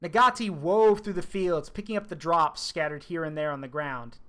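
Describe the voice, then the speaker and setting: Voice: mid-range voice, moderate pace, fairly bright tone. A streamer reading a game novel aloud, breaking off for chatty, joking asides.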